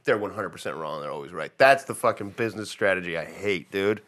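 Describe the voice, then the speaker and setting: A man's voice: low voice, fast, a bit bright. Laid-back man swearing casually. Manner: laid-back, profane, says "dude" a lot. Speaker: podcast host. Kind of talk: casual podcast chat.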